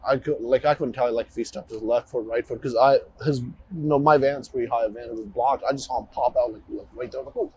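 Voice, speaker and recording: A man, a police officer, outdoors recounting events to investigators in a hurried, halting way with many restarts. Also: mid-range voice, dark tone, muffled recording, a little hiss or hum. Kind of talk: recounting events under questioning. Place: outdoors at a roadside scene.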